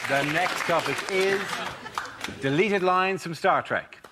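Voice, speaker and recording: A man hosting a comedy panel show, briskly announcing topics and winners. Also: sits high, a crowd in the background. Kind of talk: announcing rounds and results. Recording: studio audience noise.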